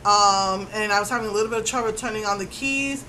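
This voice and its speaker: A woman vlogger casually retelling her day in a rambling, animated way with many fillers. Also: medium pitch, fast, slight background noise, low-quality recording. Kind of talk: casual storytelling vlog.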